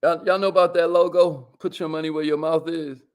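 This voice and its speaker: A man hosting a casual livestream, lively and slangy, calling out to viewers and sometimes dropping his voice low to make a point. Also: a little fast, smooth. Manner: lively, hypes up viewers and reads their comments; drops to a near whisper to make a point. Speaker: host.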